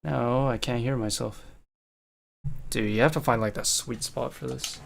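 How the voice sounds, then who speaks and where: A man giving rambling, excitable commentary while he plays a game, often saying "dude", on a desk mic near a noisy computer. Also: mid-range voice, unhurried, gravelly. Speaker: gamer. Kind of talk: casual gameplay commentary. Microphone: desktop mic near a noisy computer. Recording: loud racing game sounds behind voice.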